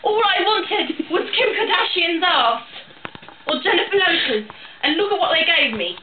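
A woman's voice: very high-pitched, very animated, normal speed. A young woman in an improvised comedy sketch, complaining in a whiny, near-tearful, dramatic way. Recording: echoey room, tinny phone-like, noisy.

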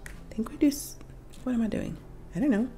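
A woman's voice: on the high side, brisk, warm tone. A woman hosting a toy unboxing video, chatting casually to her viewers while she strings beads, her voice a bit off from being sick. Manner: talks straight to viewers, chatty, self-correcting, little laughs. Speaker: toy unboxing channel host.

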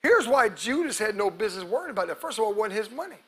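A male pastor preaching a sermon to his congregation, calling out to them and acting out quotes, breaking into loud shouts at the peaks. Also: sits high, very animated, racing, husky. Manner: preaching with call-outs to the congregation, acts out quotes. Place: church sanctuary.

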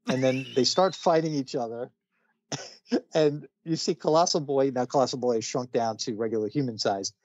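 A man's voice: mid-range voice, normal speed, darkish tone, dry recording, dull audio. A man casually retelling a comic book story on a podcast, chatty, with many fillers and frequent laughs. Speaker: podcast co-host.

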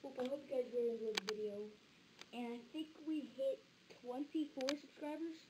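A woman's voice: high voice, fairly quick, background noise. A woman chatting casually in a vlog, rambling and stammering over repeated words. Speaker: vlogger.

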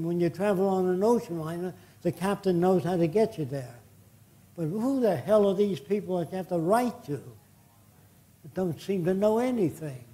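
An older man delivering a lecture in a blunt, indignant manner, peppering his points with profane asides. His voice sits a little high for a man, with a dark, mellow tone. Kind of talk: public lecture with audience Q&A.

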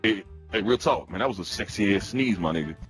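A man's voice: on the low side, quick pace, soft background music, natural voice. A man playing a crude, pushy young troll who teases and badgers in slangy chat-room banter. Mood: cheeky. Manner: brash, teasing, slangy, lively sing-song delivery. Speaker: prank caller in online voice chat. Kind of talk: comedic trolling role-play.

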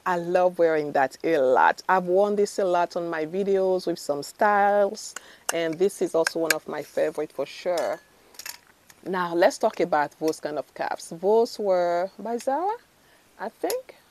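A chatty woman vlogger talks through her bangle collection in a relaxed, gushing way, with plenty of fillers and self-corrections. Her voice sits a little low for a woman. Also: moderate pace, a little hiss or hum. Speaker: fashion vlogger. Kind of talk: casual try-on haul chat.

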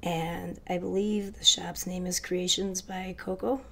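A woman with a low, gravelly voice, stuffy and congested from a cold. She talks in a hurried, chatty way straight to her viewers, showing off craft supplies in a casual vlog. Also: little pitch movement. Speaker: crafting vlogger. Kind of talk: casual haul video chat.

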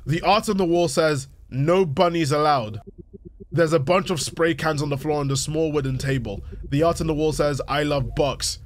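A young man commentating a horror game playthrough, reacting excitably and reading the on-screen text aloud. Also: on the high side, a little fast, hardly any pauses, a little hiss or hum. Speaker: gaming youtuber.

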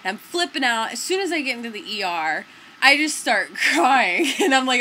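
A woman's voice: high voice, very animated, moderate pace, sharp tone, a little hiss or hum, poor audio. A young woman vlogger telling a story to the camera in a rambling, casual way, full of fillers like "like" and "dude".

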